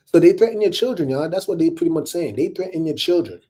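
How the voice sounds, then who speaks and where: A man talks straight to his viewers in a loose, preachy monologue, with a very dark, mellow tone and a husky edge. His delivery is animated and slightly higher-pitched than most men's, and he often breaks into laughs while calling out to "y'all.". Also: fast. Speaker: online commentator.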